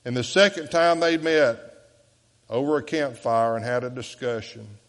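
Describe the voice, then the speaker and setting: A pastor preaching a sermon, swinging between loud, emphatic bursts and soft, low passages. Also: male voice, normal speed. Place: church sanctuary. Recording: echoey church sanctuary.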